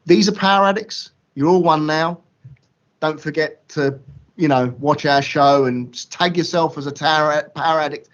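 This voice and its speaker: A man's voice: on the high side, moderate pace. A man giving an impassioned motivational talk over a video call, emphatic and slangy, repeating words for effect. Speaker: guest speaker. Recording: dull lo-fi call audio.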